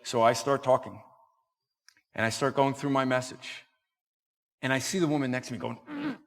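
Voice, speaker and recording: A man giving a conference talk at a church, telling a story and acting out the dialogue in an animated way. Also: mid-range voice, moderate pace. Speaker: conference speaker. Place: church hall. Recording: reverberant church hall.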